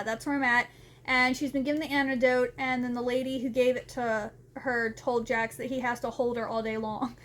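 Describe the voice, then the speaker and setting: A young woman vlogger giving a casual, rambling spoken recap of a book, often saying "like". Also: sits high. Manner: chatty and rambling, often says "like".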